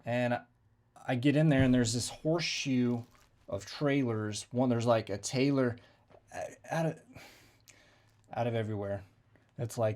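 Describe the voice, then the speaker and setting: A man's voice: mid-range voice, unhurried, pauses often, darkish tone. A man telling a casual, profane story and acting out the exchanges he quotes. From United States. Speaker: veteran storyteller.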